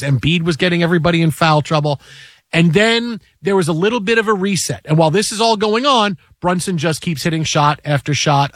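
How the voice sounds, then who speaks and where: A man's voice: on the high side, no room sound, studio quality. A man hosting a casual sports talk show, rambling and repeating himself as he talks games.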